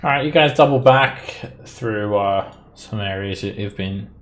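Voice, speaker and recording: A man narrating a tabletop game as dungeon master, relaxed and hesitant, with fillers. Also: fairly low pitch, a little slow.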